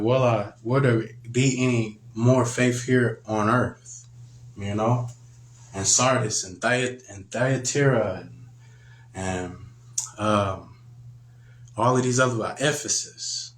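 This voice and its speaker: Male preacher, medium pitch, relaxed conversational teaching, roomy sound. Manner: acts out quoted voices in a higher pitch, conversational. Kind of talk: casual spoken teaching.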